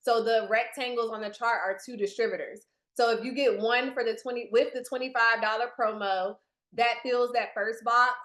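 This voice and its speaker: A woman's voice: fairly high pitch, fairly bright tone, roomy sound. A woman leading a business training presentation on a video call for new team members, chatty and speaking straight to her listeners. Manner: chatty, addresses the audience directly.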